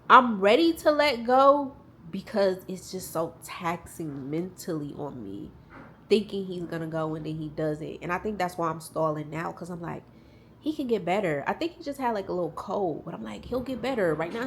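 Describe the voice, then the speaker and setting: A young woman vlogger with a lowish voice talks casually to camera for her viewers from home. She is tearful and rambling as she speaks openly about grief, and a little hiss or hum can be heard.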